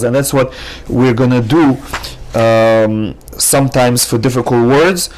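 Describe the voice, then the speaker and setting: A man's voice: medium pitch, darkish tone. A man teaching a language lesson, patiently explaining each point and repeating every word several times. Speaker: Hebrew teacher. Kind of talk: slow, careful language lesson.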